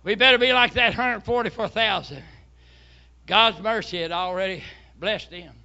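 Fervent older pastor, high bright voice. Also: male voice, moderate pace, vocal fry, highs cut off. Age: 70s. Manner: fervent preaching with shouted hallelujahs. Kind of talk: sermon.

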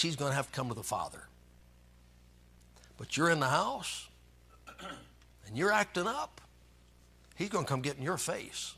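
Bright-voiced preacher man. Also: on the high side, creaky, breathy edge. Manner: folksy, joking preaching with Bible readings. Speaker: pastor. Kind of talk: sermon.

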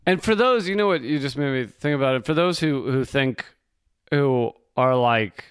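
A man's voice: mid-range voice, normal speed, clear, resonant tone, no room sound. A man co-hosting a podcast in casual chat, explaining things wryly with the odd curse. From Virginia. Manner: explaining, wry, occasional swearing. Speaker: podcast co-host.

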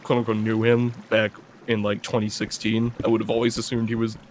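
A young man in his early twenties talks loosely over a gaming session, cursing and laughing as he rambles. His voice sits a little low. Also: monotone, a little fast, a little hiss or hum. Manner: rambling, swears, laughs often. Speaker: gameplay video player. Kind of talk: casual gameplay chat.

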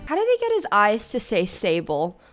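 A woman's voice: mid-range voice, huge pitch swings, moderate pace, a bit bright, soft background music. Chatty, blunt young woman reacting to a show. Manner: chatty, blunt, swears freely and laughs a lot. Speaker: YouTuber. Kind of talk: casual TV commentary.

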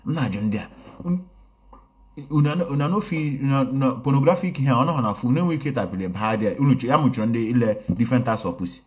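A man's voice: medium pitch, animated, fast, darkish tone. Man hosting a casual livestream, chatty and mixing languages. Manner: code-switching, greets viewers by name. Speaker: online activist commentator. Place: indoors, recorded in a home in a city.

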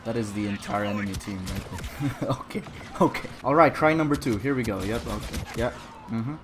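A young man giving lively, sarcastic commentary over his own gameplay, boasting in jest and swearing freely. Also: on the low side, normal speed, background noise. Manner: mock-boastful, jokes about himself. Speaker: gaming video creator.

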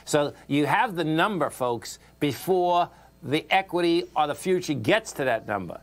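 Excitable Boston-accented radio host. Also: male voice, fairly high pitch, normal speed. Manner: excitable, repeats himself, talks straight to listeners. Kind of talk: financial radio talk.

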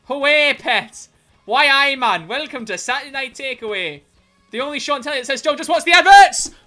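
A man doing an impression of a cheery male Geordie TV presenter, with a Geordie accent and loud, catchphrase-shouting delivery. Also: very high-pitched, lively intonation, brisk, soft background music, voice pushed up, full character voice. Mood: exuberant.

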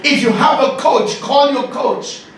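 A man giving an animated, joking masterclass as a leadership coach, often laughing and shouting. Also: very high voice, a little slow, faint music behind. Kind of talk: lively masterclass talk to an audience. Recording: echoey hall, distant mic, noisy.

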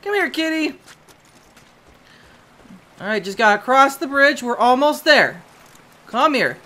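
A woman casually commenting as she plays a video game, chatty and excitable, shrieking at sudden scares and coaxing a pet in baby talk. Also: high voice, unhurried, pauses often. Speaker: gaming video host. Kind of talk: casual let's-play commentary.

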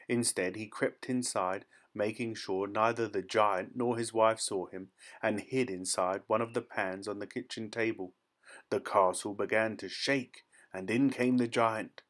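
A man reading a fairy tale aloud in a steady, expressive storytelling manner. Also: lowish voice.

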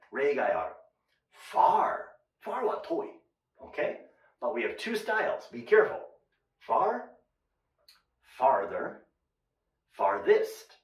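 A man's voice: a little high, distant mic. A man teaching an English lesson to Japanese learners, mixing English and Japanese, upbeat and stretching words for emphasis. He is heard in an echoey room, a bit back from the mic. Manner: mixes English with Japanese explanations.

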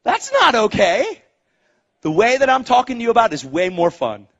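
A male preacher with a high, lively voice delivers an excitable sermon from a stage. He swings between hushed asides and loud bursts. The sound is dull and lo-fi. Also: moderate pace.

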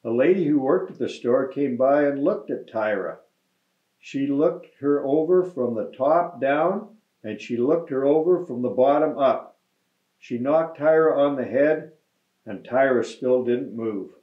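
A man reading a children's picture book aloud to students in a deliberate storytelling manner. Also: mid-range voice. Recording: roomy, slightly dull recording.

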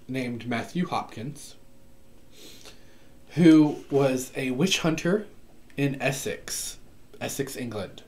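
A man chatting casually on camera about books he bought, excitable, with lots of fillers and asides, recorded at home. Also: mid-range voice. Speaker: book vlogger. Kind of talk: casual book haul chat. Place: home room.

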